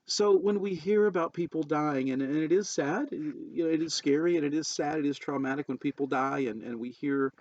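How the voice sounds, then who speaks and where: A man's voice: on the high side, moderate pace, few pauses, darkish tone. A man, a debate coach from the United States, talking casually to camera with many fillers and restarts and little laughs. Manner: chatty, lots of fillers and restarts, self-deprecating laughs. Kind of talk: casual educational talk to camera. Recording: dull lo-fi audio.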